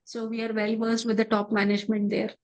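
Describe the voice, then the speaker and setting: A woman speaks as a business owner on an online panel. Her voice sits a little high and stays flat, with little rise and fall. She runs through facts plainly, with small hesitations. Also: a little fast, low-quality recording. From South India. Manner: matter-of-fact, listing, hesitant.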